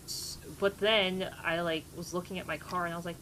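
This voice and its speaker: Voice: mid-range voice, steady tone, normal speed, fairly bright tone, slight background noise, rough recording. A streamer chatting casually on a live game stream, telling a rambling story full of fillers with a playfully sarcastic edge. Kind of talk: casual livestream chat.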